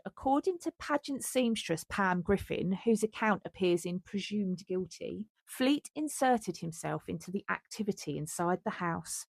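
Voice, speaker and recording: A woman's voice: medium pitch, dry recording. A woman podcast co-host who reads a true-crime script and breaks off into joking asides. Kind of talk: scripted true-crime narration mixed with casual chat.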